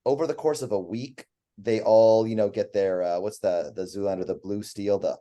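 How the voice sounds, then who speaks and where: Low, mellow-voiced man rambling. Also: fairly even intonation, moderate pace. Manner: rambling, profane, list-heavy talk. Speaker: guest, online dating coach. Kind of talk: casual podcast chat.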